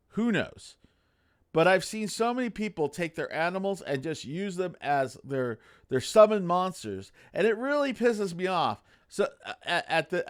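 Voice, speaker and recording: Middle-aged guy rambling on about running games, kinda high voice, bounces up and down a lot, keeps going "okay?". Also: no echo, clean studio sound. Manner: rambling, repeats himself, tags lines with "okay?". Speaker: game master. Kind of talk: casual advice monologue.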